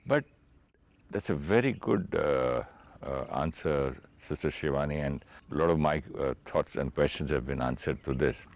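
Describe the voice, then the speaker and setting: Very deep-voiced male host, dry close sound. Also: moderate pace, dry recording. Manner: questioning, thinks aloud with hesitations. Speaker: talk show host. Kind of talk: conversational interview.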